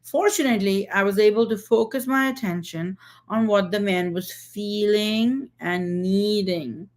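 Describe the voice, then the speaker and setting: Woman, young adult, book discussion, explanatory, frequent tag questions, mid pitch. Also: unhurried, a little mellow.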